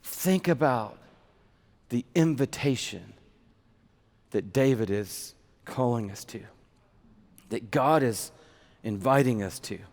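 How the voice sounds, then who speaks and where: A man's voice: mid-range voice, expressive, takes it slowly, pauses often, a little mellow. A man preaching a sermon in an earnest, conversational way, with a long hall reverb behind him.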